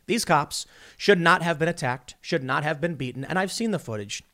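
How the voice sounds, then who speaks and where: A male political commentator delivers an opinionated, combative monologue with emphatic force, often restarting his sentences. His voice sits on the high side, bright and forceful, with lively intonation at a moderate pace.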